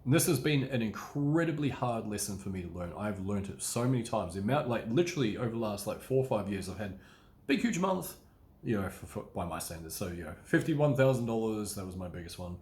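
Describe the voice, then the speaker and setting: Rambling low-voiced man coaching casually. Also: very animated, a little mellow. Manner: rambling, acts out inner thoughts in quick asides, swears casually. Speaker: business coach. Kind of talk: casual solo talk to camera.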